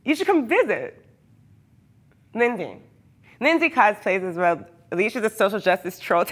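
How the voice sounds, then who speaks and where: A woman's voice: medium pitch, sing-song, normal speed, long pauses, fairly bright tone. A hyper, chatty woman who often laughs, talking casually with her live viewers from her workshop. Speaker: cosplayer streaming live. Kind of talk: casual livestream chat with viewers.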